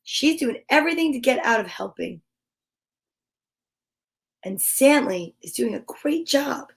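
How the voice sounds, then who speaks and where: A woman's voice: a little high, lively intonation, unhurried, creaky. A woman hosting storytime, reading a picture book aloud with playful, chatty asides. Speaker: storytime host.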